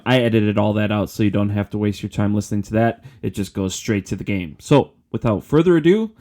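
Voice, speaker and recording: A man casually introducing a rerun podcast episode he edited, in a relaxed, plain way. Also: fairly low pitch. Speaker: podcast host and editor.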